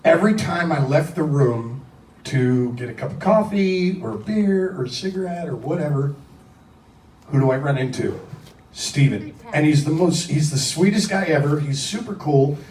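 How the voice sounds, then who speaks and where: A man from Philadelphia, a rock singer, telling a casual anecdote in an animated, profane, self-deprecating way and acting out the quotes. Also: on the high side, moderate pace, slight background noise. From Philadelphia, USA. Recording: roomy echo, distant mic, faint music.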